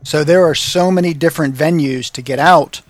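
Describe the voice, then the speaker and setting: A man with a slightly higher voice talks through business ideas in casual podcast chat. He rambles animatedly and mocks himself as he goes. The sound is dry and close. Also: brisk, no echo. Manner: rambling, self-mocking, animated. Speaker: podcast guest, marketing officer.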